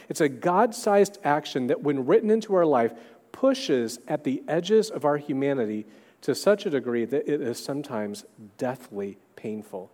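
A man in his thirties preaching in a church sanctuary, his voice trailing off into a long reverb. He speaks at a mid pitch and keeps it conversational, dropping in quick asides between points. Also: mellow. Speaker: pastor. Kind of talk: sermon.

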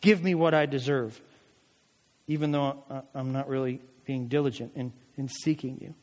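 A man's voice: medium pitch, steady tone, moderate pace, darkish tone. A male pastor preaching a sermon, rising into emphatic calls during prayer passages. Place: church sanctuary. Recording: long church hall reverb.

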